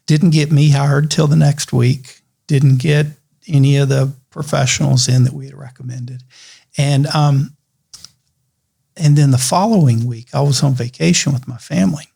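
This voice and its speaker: A man, an attorney guest on a podcast, telling a story in a lively, conversational way with fillers. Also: on the high side, gravelly, breathy edge. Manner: animated storyteller with laughs and fillers.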